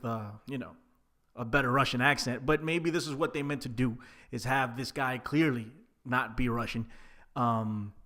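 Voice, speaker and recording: Male wrestling reviewer, mid-pitch, relaxed and chatty, loose filler-heavy delivery. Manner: chatty, laid-back, frequent fillers. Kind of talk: casual solo recap.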